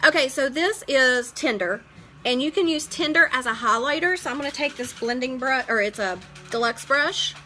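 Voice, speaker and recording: Her voice sits high and her pace is moderate as this middle-aged woman runs a live makeup tutorial. Warm and personal, she welcomes viewers by name and tells heartfelt stories as she applies makeup, on a low-quality recording.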